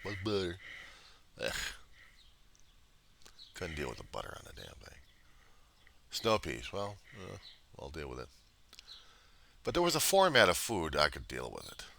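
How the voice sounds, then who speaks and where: Low, sharp-toned rambling man. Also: wildly swooping pitch, measured pace, creaky, pauses often, a little hiss or hum. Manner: grumbling, meandering, drops to muttering. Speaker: vlogger. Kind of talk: casual rambling monologue.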